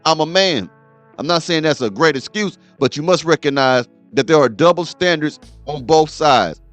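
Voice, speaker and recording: A man's voice: fairly high pitch, lively intonation, moderate pace, fairly bright tone, soft background music. A man hosting a show, lecturing his audience as he reacts to a clip and repeats "okay?" to drive points home. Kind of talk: reaction commentary.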